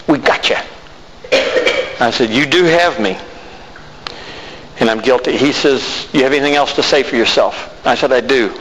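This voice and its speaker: A man's voice: mid-range voice, fairly bright tone. A man preaching a sermon and telling a personal testimony, acting out both sides of the conversations he recalls. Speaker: pastor. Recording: reverberant hall with faint noise.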